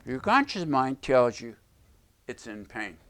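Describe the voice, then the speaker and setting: Slow, emphatic male lecturer. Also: mid-range voice, very animated, a bit bright. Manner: emphatic, repeats key phrases. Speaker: self-help teacher. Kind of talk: explanatory video lecture.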